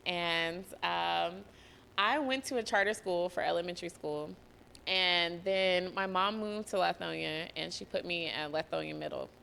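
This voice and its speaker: A young adult woman, hosting a motivational solo podcast in an energetic, profane way. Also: on the low side, unhurried, vocal fry, slight background noise. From US (Georgia). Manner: energetic, profane, acts out quoted voices. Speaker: podcast host.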